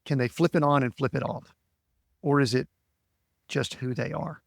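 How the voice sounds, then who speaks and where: Man, podcast host, gravelly creaky voice, thoughtful measured questions, dry recording. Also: medium pitch, steady tone, dry recording. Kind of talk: interview questions.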